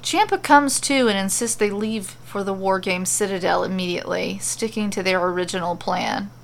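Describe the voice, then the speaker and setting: A woman reading a fantasy story aloud as a podcast storyteller, with steady descriptive narration. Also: mid-range voice, moderate pace, vocal fry.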